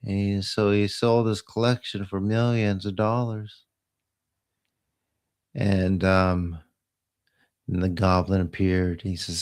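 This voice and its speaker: A man casually retelling old TV episodes in a slow, meandering way, trailing off into asides. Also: sits low, flat delivery, a little mellow, clean tone. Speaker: host of a live healing stream. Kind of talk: rambling casual storytelling.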